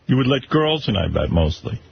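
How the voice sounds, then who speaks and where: A man's voice: medium pitch, sing-song, a little fast, gravelly. A man hosting a radio talk show, bantering wryly with callers and co-hosts. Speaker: radio host. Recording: muffled radio broadcast with faint hiss.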